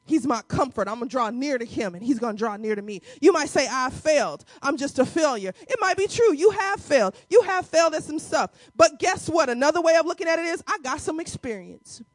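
A woman preaching to a congregation with a high, ringing voice. She talks in an emphatic, everyday vernacular, calling out to the crowd as she goes. The sound is close and dry, with little room around it. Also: expressive, a little fast, hardly any pauses, no room sound. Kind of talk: sermon. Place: church before a congregation.

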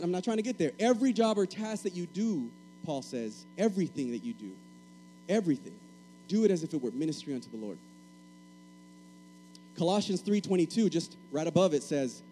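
A man's voice: high-pitched, mellow, poor audio. A man from Puerto Rico preaching a sermon, emphatic and repeating key phrases, calling for answers from the congregation.

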